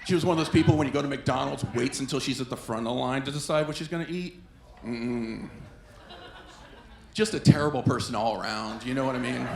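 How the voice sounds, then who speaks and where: On a club stage, a man performs a stand-up set, telling stories animatedly and acting out quoted voices. His voice is medium-pitched with vocal fry, and the echoey room carries faint ambience plus a little hiss or hum.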